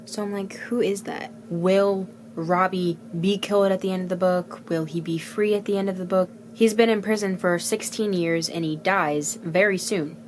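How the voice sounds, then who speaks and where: A young woman chatting candidly about her reading in a casual vlog, blunt and animated, sometimes dropping to soft asides. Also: fairly low pitch, moderate pace, few pauses, slight background noise. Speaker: book vlogger.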